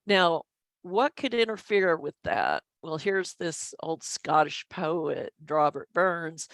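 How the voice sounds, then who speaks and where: A woman's voice: lowish voice, animated, slow, no echo. A middle-aged woman, a statistician, explaining measures in an online training session with goofy self-deprecating humor. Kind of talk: online presentation.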